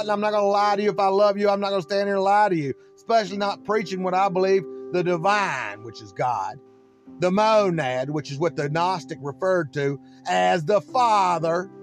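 High-voiced man ranting a sermon. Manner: confrontational, rambling, preachy. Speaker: self-styled preacher.

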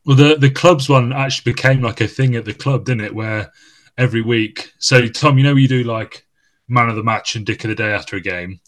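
A man's voice: mid-range voice, a little fast. Laughing man reminiscing on a podcast. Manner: rambling reminiscing, laughs often, swears. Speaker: podcast host, former teammate. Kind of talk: casual podcast chat.

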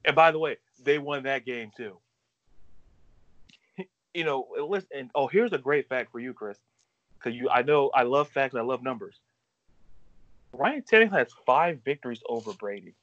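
A man hosting a sports talk show, emphatic and quick with statistics. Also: medium pitch, animated, a bit bright, dry recording, muffled recording. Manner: emphatic, rapid-fire stats.

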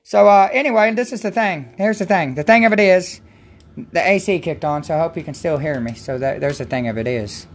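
A woman's voice: lowish voice, brisk. A woman hosting a Christian livestream, in a rambling, chatty way that keeps interrupting itself. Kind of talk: casual devotional chat.

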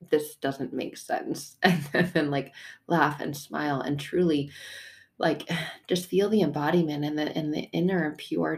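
A woman's voice: deep voice, creaky, a little mellow. A woman hosting a casual faith podcast, talking candidly and animatedly, swearing freely and laughing often. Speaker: podcast host.

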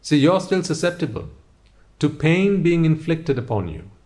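A man's voice: on the high side, sing-song, moderate pace, a little mellow. Man posing rhetorical questions. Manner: rhetorical questions, direct address to the listener. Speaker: speaker addressing listeners. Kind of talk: motivational talk.

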